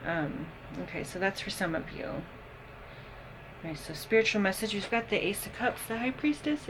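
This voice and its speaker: A woman giving a casual tarot reading, unhurried and thinking aloud with frequent pauses and ums. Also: medium pitch, animated, noisy background. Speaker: tarot reader.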